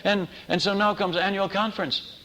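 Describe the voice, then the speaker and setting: A fairly high-voiced man preaching a storytelling sermon as a missionary. He talks in an animated way, acting out dialogue and tripping over restarts as he goes. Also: moderate pace, big-room sound.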